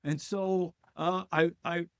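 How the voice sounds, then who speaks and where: A man with a slightly high voice spins stories about his early service, animated, slipping into the people he quotes. The sound is close and dry, with no room around it. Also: slow pace, dry recording. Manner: animated, acts out quoted officers and his younger self. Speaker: podcast guest, former Marine. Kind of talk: storytelling in conversation.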